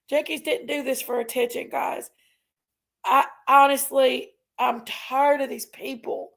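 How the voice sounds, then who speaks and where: A woman's voice: high voice, vocal fry. A woman hosting a casual livestream, ranting indignantly and emphatically while reading chat aloud. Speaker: live stream host.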